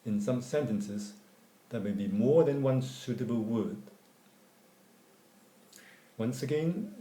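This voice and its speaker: A man reading an English grammar lesson as scripted narration, going through word forms in a measured, deliberate way. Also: medium pitch, warm tone. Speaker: English teacher. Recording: echoey room.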